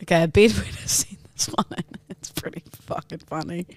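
A woman co-hosting a podcast, playful and quick to protest. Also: on the low side, breathy edge, no echo. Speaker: podcast co-host. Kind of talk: casual banter.

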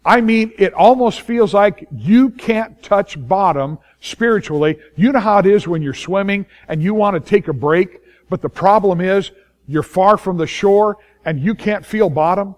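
A male pastor preaches with a fairly high, ringing voice. He leans hard on key phrases and repeats them for weight. Now and then he slips into the voices of anxious people talking to themselves. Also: darkish tone. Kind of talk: sermon.

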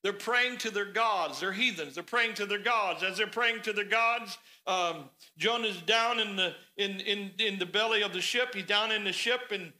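A man preaching a sermon in a church, telling the story in an animated, conversational way. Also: high voice, normal speed, hardly any pauses, low-quality recording. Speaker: pastor. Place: church sanctuary.

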